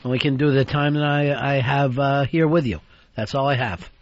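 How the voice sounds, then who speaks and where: A man's voice: medium pitch, moderate pace, slight background noise. A man hosting a radio talk show, teasing his co-host with sarcastic jabs in casual banter. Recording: dull radio broadcast with faint music.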